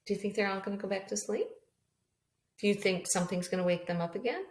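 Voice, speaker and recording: A woman's voice: medium pitch, fast. Woman reading a storybook to kindergarteners. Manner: gentle, expressive storybook reading with questions to children. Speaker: kindergarten teacher. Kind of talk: read-aloud storytime lesson. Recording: echoey room.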